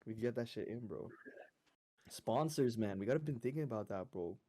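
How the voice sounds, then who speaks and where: A man's voice: mid-range voice, expressive, brisk, dark tone. A young man co-hosting a podcast, teasing and joking in casual banter. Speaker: co-host.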